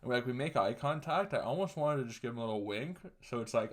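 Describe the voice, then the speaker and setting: A young man tells a story on his solo podcast. His voice sits at an ordinary pitch, and he talks crudely and profanely while chuckling along to his own story. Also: animated, fast. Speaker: podcast host.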